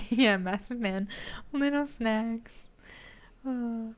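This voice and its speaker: A woman's voice: on the high side, lively intonation, slow pace, long pauses, background noise. A young woman streaming a game live, gushing and giggling as she reacts, with game music behind. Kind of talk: live gameplay commentary.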